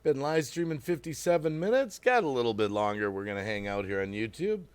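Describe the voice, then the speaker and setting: Animated man chatting on a livestream. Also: mid-range voice, brisk, smooth, dry recording. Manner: greets viewers and reads chat aloud; rambling, thinks out loud. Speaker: livestream host. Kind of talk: casual livestream chat.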